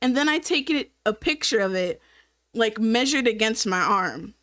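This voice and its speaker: A woman telling a casual story to camera in an animated, profane way, laughing often and checking in with the viewer. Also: a little high, moderate pace, no room sound. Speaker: storytime vlogger.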